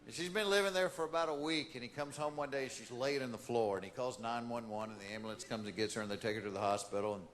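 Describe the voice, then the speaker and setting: A man's voice: mid-range voice, steady tone, fast talker, few pauses, a bit bright. Man telling a joke on a roomy stage. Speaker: comedian. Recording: roomy stage with faint noise.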